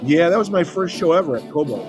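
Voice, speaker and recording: Man, casual storyteller, rock talk over loud backing music. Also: a little high, fast. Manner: storytelling, animated. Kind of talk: casual chat.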